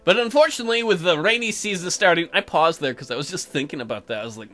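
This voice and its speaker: A young man hosting a let's play, making crude, sarcastic deadpan asides over game dialogue. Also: fairly high pitch, quick pace, soft background music. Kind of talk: crude comedic game commentary.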